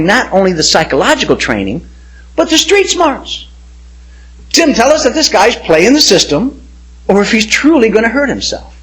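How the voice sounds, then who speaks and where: A man's voice: sits high, a bit bright, low-quality recording. A middle-aged pastor, a man, telling his personal testimony in an emphatic, impassioned sermon style.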